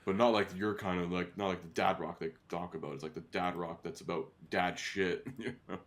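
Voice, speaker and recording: A man's voice: low voice, steady tone, a little fast. A man co-hosting a music podcast, chatting casually and rambling with many fillers. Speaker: podcast co-host. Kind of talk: casual chat.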